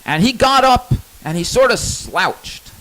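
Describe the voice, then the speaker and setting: A man's voice: extremely high pitch, animated, measured pace, a bit bright, low-quality recording. A man telling a personal story in a candid, rambling monologue, cursing freely.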